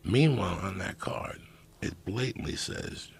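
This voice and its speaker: A middle-aged man with a very low, gravelly voice spins profane, animated stories in casual podcast talk. His pitch swings widely as he goes, and a faint hiss of noise sits under him. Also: a little slow. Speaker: guest storyteller.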